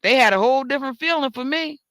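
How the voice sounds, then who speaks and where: American host, casual monologue rant, emphatic and repetitive, high bright voice. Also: fast, dry recording. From United States. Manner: emphatic, repetitive storytelling with cursing. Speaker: talk show host.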